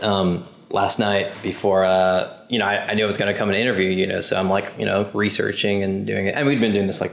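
A man hosting an interview, asking questions in a relaxed, sympathetic way. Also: on the low side, gravelly, slight background noise. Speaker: interview host. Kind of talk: casual interview. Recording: roomy echo.

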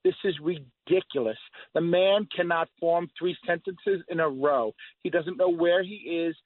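A man's voice: a little high, normal speed, no echo. Fired-up middle-aged man calling in by phone. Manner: emphatic, repetitive ranting. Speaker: caller. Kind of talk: call-in radio opinion. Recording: phone line.

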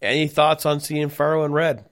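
A man co-hosting a sports podcast, talking in an animated, casual way and laughing easily. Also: fairly high pitch, moderate pace. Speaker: podcast co-host.

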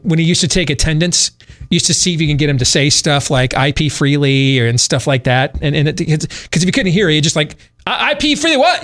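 Rambling, animated male talk host. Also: a little high, no echo, studio quality. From Michigan, USA. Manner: rambling, animated storyteller with frequent fillers and laughs. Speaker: radio talk show host. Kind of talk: casual storytelling on a talk show.

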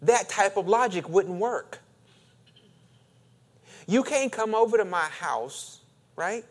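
A man's voice: high voice, expressive, takes it slowly. A man preaching a sermon, reading scripture aloud and joking as he acts out the voices of the story. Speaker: pastor.

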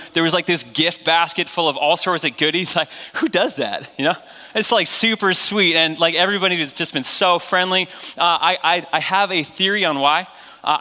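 A man's voice: fairly high pitch, pushed and bright. A man with a New England accent preaching as a guest pastor in a church, casual and joking, full of fillers. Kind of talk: sermon. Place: church sanctuary. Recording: long hall reverb.

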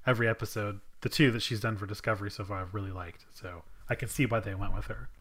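A man co-hosting a casual podcast chat, chatty and quick to laugh. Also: lowish voice, steady tone, fairly bright tone. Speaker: podcast co-host.

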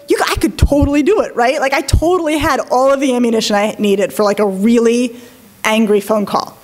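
A woman in her forties with a slightly high voice tells a story to a live audience. She is animated and chatty, dropping into quick impressions of the people in her story and breaking off for asides. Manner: animated, acts out quoted voices, many asides. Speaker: child psychologist and speaker.

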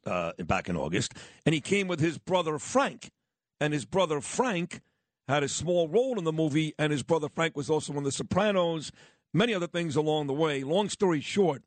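A man's voice: fairly high pitch, dry recording. A man hosting talk radio, chatting in a rambling way with offhand asides. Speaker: radio host.

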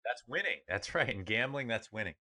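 A man's voice: mid-range voice, animated, fairly quick, sharp tone. A man co-hosting a podcast, chatting casually about sports in an upbeat, rambling way with fillers. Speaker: podcast co-host.

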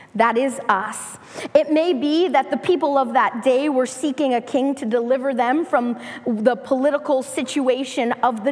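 High, slow woman preaching in a hall. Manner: slow, emphatic preaching with repetition. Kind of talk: sermon.

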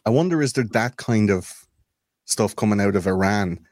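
A man's voice: fairly low pitch, lively intonation, moderate pace, darkish tone, dry recording. A young man chatting casually on a podcast, rambling, swearing freely and hunting for words. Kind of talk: casual chat.

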